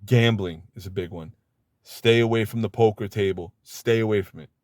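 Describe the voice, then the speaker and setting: A streetwise man talks bluntly and emphatically about prison rules, his voice on the low side. The sound is close and dry, with no room around it. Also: normal speed, a little mellow, no room sound. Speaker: former inmate giving advice. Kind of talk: casual advice monologue.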